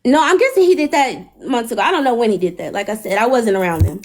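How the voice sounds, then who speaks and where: High-pitched woman telling a story. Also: fast talker, slight background noise. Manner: animated, profane, retells dialogue. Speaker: live stream host. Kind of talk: casual storytelling chat.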